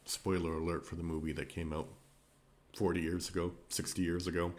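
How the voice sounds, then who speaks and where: A man's voice: low-pitched, little pitch movement, a little fast, darkish tone. Casual rambling male film reviewer. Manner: rambling, thinks aloud with fillers and restarts.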